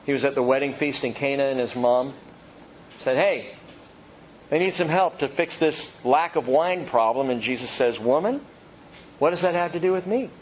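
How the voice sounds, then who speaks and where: Pastor preaching a verse-by-verse sermon. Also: male voice, fairly high pitch. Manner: expository, reads scripture then comments. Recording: dull lo-fi sound with faint noise.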